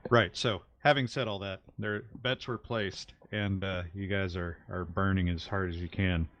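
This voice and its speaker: A man with a low voice runs a tabletop game, relaxed and a little halting as he sorts out rulings. He leans on fillers and keeps things easygoing. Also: dull audio. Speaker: game master.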